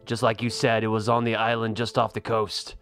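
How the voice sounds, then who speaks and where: A man's voice: lowish voice, completely flat delivery, brisk, a bit bright, soft background music. A man voicing a royal guard giving a matter-of-fact report. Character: plain male royal guard.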